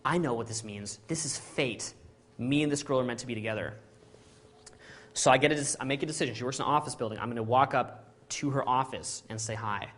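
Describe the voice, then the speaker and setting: Telling a story to an audience, this middle-aged man from Canada speaks briskly in a mid-range voice. He performs the dialogue with animation and often checks in with "right?" and "okay?".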